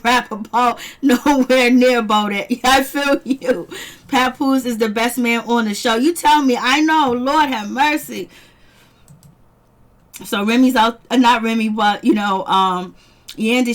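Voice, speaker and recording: Woman doing a chatty reality show recap, kinda high voice, laughs a lot. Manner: chatty, animated, laughs often, reads viewer comments. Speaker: show reviewer.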